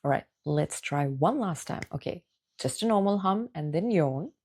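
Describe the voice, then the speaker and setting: A woman's voice: deep voice, expressive, normal speed, darkish tone, breathy edge. A woman vocal coach giving a guided singing lesson, encouraging the listener and talking them through exercises step by step.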